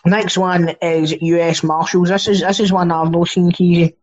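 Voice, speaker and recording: A Scottish man with a higher-than-usual voice chats loosely on a film podcast, joking and swearing as he goes. The audio is a little dull and lo-fi. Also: flat delivery, moderate pace. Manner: chatty, jokey, swears freely. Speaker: podcast co-host. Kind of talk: casual film-chat podcast.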